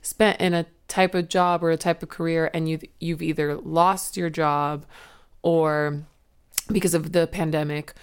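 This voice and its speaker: A woman's voice: low-pitched, little pitch movement, a little slow, smooth. A woman co-hosting a casual podcast about art, laughing easily and chiming in readily. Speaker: podcast co-host. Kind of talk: casual chat.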